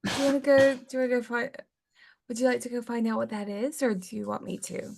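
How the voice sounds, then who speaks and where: A woman's voice: fairly high pitch, steady tone, quick pace, vocal fry, darkish tone. A woman playing in a tabletop game, talking hesitantly and laughing often. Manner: giggly, hesitant. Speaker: player.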